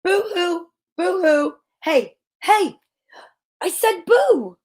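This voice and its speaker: Lady doing a shy little ghost kid, high and sighing, then yelling boo. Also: big pitch swings, slow, gravelly, exaggerated voice. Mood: shouting. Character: timid little boy ghost who can't say boo.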